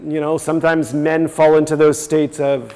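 A man's voice: fairly high pitch, little pitch movement, moderate pace, mellow, big-room sound. A man giving a religious teaching talk, explaining step by step and reading passages aloud. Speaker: presenter.

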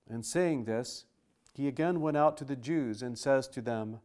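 A man reading scripture aloud in a steady, formal style with archaic wording. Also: medium pitch, moderate pace.

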